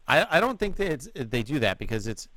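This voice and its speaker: A man's voice: mid-range voice, sing-song, a little fast, fairly bright tone, no room sound. A man hosting a comedy podcast, telling stories in a laid-back way and acting out the other voices. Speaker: podcast host. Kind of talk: casual comedic chat.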